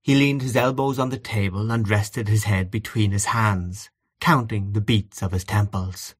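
A man narrating a literary short story in a measured, expressive reading. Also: fairly low pitch, breathy edge. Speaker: audiobook narrator.

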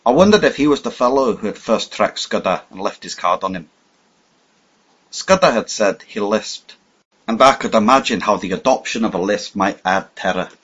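A man reading a first-person story aloud in a measured, dramatic way. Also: fairly low pitch, expressive, a bit bright, breathy edge. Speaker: audiobook narrator. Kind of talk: scripted narration. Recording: dull lo-fi audio.

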